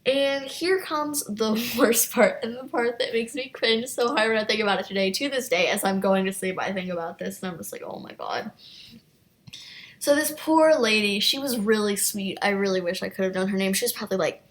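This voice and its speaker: A young woman recounts an embarrassing childhood story in a casual storytime, animated and full of self-mocking asides. She laughs now and then and talks straight to her viewers. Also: mid-range voice, fairly quick, hardly any pauses. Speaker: YouTuber.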